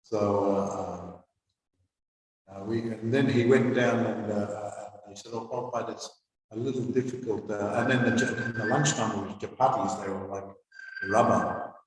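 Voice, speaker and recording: A man's voice: fairly low pitch, fairly even intonation, distant mic, a little hiss or hum. Man teaching in an echoey hall. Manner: halting, many fillers and restarts when speaking freely. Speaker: spiritual teacher giving a scripture class. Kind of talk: devotional class, reading aloud and commenting. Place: temple hall.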